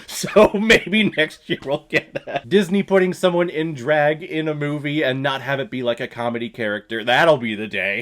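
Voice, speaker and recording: Animated man giving a movie review. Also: medium pitch. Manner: animated, emphatic, laughs often. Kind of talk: casual opinionated review.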